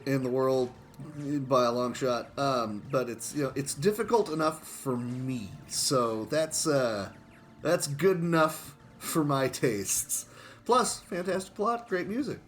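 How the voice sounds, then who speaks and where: Chatty man commenting on his game run. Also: fairly high pitch. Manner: chatty and self-mocking, with frequent chuckles. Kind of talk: casual gameplay commentary.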